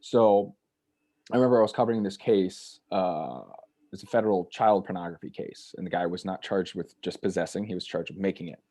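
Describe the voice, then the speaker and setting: Man, low-pitched voice, casual rambling storyteller, mimics quoted people. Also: fairly quick, warm tone. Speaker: author and journalist guest. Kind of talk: casual conversation.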